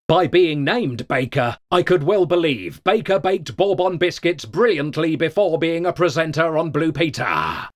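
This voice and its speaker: A middle-aged man from Britain delivering a dry, deadpan comic monologue full of puns. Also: on the high side, slow. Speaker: comedy narrator.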